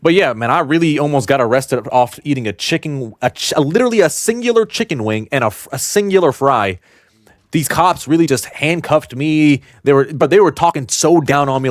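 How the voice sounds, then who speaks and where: A young man telling a personal story to camera in a blunt, slangy, animated way. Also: on the high side, fast talker, no echo, studio quality. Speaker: storytime vlogger.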